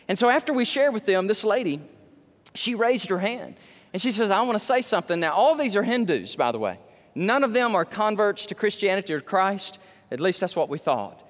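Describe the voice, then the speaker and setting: A man with a high voice preaches a storytelling sermon, building from calm narration into excited, emphatic peaks. His voice rings out in the long reverb of a large hall.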